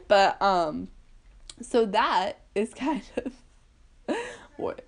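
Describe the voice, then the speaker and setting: A woman's voice: medium pitch, huge pitch swings, very slow. A young woman in her teens casually telling a story to her camera, chatty and giggly, with a lot of "like" and "um". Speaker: vlogger. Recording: poorly recorded at home.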